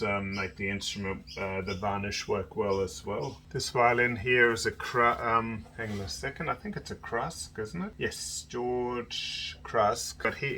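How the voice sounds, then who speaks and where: A man's voice: mid-range voice, sharp tone, slight background noise. A man and violin maker chatting casually as he narrates work in his indoor workshop, rambling and joking as he goes.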